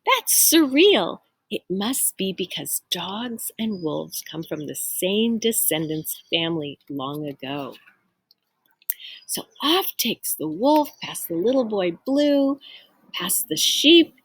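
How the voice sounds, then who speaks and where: A woman reading a picture book aloud to children, expressive, stopping to explain words and ask the listeners questions. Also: mid-range voice, slow pace, breathy edge, no room sound. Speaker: storyteller.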